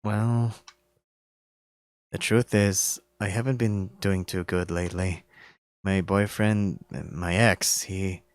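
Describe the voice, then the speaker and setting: A man voicing a heartbroken older male bear who speaks hoarsely in a low, flat monotone, read aloud from a visual novel. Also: slow pace, no room sound, studio quality. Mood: subdued.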